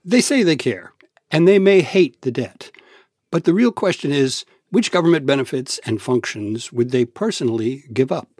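A man, a senior political correspondent, answering questions in a radio news interview in a measured, explanatory way with dry asides. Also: medium pitch, animated, darkish tone, slightly rough, no room sound.

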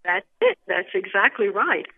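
A woman's voice: medium pitch, sing-song, moderate pace, breathy edge. A woman, a local tour guide, patiently explaining things in a phone interview. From Louisiana. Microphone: telephone. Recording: tinny phone line.

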